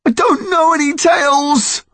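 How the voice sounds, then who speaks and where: A man voicing a grieving young boy who shouts and pleads in desperation. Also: high voice, animated, measured pace, no echo, voice pushed up. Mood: desperate.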